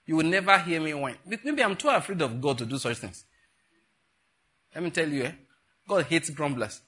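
Casting: middle-aged male Nigerian pastor, bright husky tone, animated storytelling sermon. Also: a little high, moderate pace. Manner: animated storyteller, bursts into laughing retellings.

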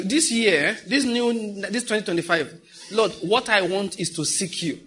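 A middle-aged Nigerian pastor preaches in an easy, conversational way, dropping into pidgin asides. His voice sits a little high and sounds bright and forceful. It carries a husky, slightly rough edge. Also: measured pace. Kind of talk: sermon.

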